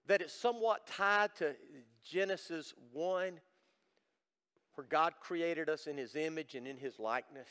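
Middle-aged man, pastor, fairly high register; earnest sermon delivery that swings between loud emphasis and near-whispers. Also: a little slow, clean tone, big-room sound. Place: church service.

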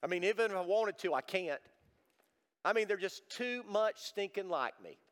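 Middle-aged man, pastor, fairly high register; earnest sermon delivery that swings between loud emphasis and near-whispers. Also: animated, moderate pace, in a large hall. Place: church service.

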